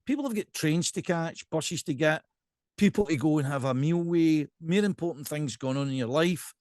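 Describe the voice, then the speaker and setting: A man with a Scottish accent, a podcast guest and pipe band drummer, chatting casually in an animated ranting way and often checking in with "right?". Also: a little high, normal speed, dry recording, clean studio sound.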